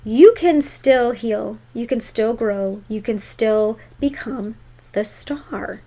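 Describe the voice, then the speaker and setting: A woman's voice: on the high side, slow, mellow. A woman giving a tarot reading to viewers in an emphatic, encouraging way. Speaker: tarot reader.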